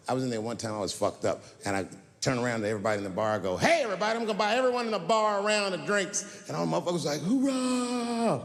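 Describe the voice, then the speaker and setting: A man's voice: medium pitch, long reverb tail. A man performing a stand-up comedy routine with crude, profane punchlines.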